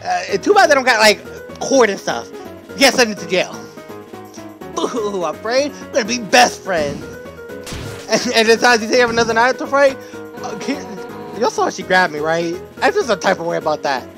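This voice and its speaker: A man's voice: high-pitched, very animated, moderate pace, creaky, over music. A man giving playful, laughing let's-play commentary while he plays a game. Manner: playful, laughing, jumpy loud asides. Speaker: gaming streamer.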